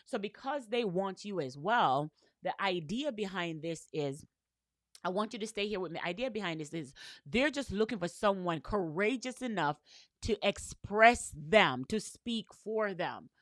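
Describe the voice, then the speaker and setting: A woman business coach gives an earnest motivational talk in a dry recording, her mid-range voice expressive, a bit bright, and a little slow. She tells stories repetitively, often asking "right?" and drawing on faith and spiritual language.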